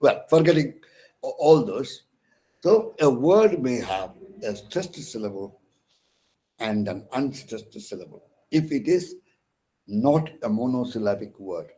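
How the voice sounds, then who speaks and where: A counsellor with an Indian English accent gives a recorded English lesson in a medium-pitched, sing-song, warm voice, captured on a rough recording. Words get spelled out one letter at a time, with frequent "uh" pauses and self-corrections.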